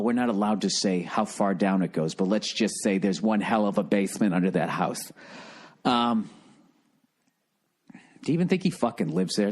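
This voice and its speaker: A man's voice: lowish voice, darkish tone. A man hosting a comedy podcast, ranting in a profane, rambling monologue. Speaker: podcast host.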